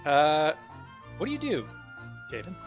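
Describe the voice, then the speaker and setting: A man's voice: a little high, wildly swooping pitch, measured pace, highs cut off, faint music behind. A man narrating as game master, rambling loosely with many fillers.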